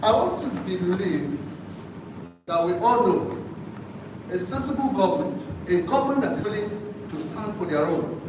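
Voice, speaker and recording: A high-voiced Nigerian man speaks as a candidate at a formal debate, hammering home his points by repeating them. His voice rings through a very echoey hall from some distance off, with clear noise underneath. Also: animated, moderate pace, long pauses. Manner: emphatic, repeats points for stress. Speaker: governorship candidate. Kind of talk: formal political debate answers. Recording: very echoey hall, picked up from afar.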